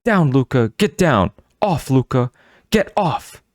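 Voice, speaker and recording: A man's voice: lowish voice, expressive, moderate pace, vocal fry, a little mellow, dry recording, clean studio sound. A man voicing a stern, mysterious woman of the forest who gives solemn commands in an audiobook. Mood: commanding. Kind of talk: audiobook character voice.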